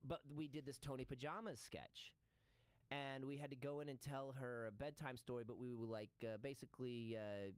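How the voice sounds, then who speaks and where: A man telling a long, animated story in casual chat, acting out bits of dialogue in quick voices. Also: medium pitch, no room sound, rough recording. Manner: animated storyteller who acts out lines in quick character voices. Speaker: show regular recalling sketch work.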